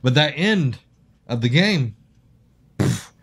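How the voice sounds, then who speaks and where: His voice is slow and husky yet mid-pitched, relaxed and everyday, as he co-hosts a casual podcast. The man jokes, ribs his co-host and reads sponsor copy loosely.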